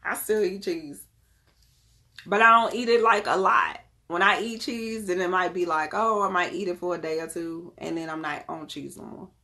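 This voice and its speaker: A woman with a slightly low-pitched voice chats casually with her viewers. She speaks in a lively, familiar way and laughs easily. She addresses the audience directly and keeps the talk warm and conversational. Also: moderate pace. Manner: chatty, lively, often laughing; talks straight to the audience. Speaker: wellness vlogger.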